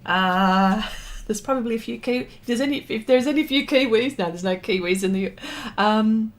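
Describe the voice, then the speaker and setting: A woman's voice: fairly high pitch, moderate pace. An Australian woman, a pastel artist, chatting casually with her viewers during a live stream as she paints, thanking them and reading their comments aloud.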